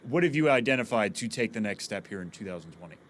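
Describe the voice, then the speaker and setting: A man's voice: on the low side, expressive, fast talker. A man hosting a podcast, asking friendly, chatty questions in a casual interview. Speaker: podcast host.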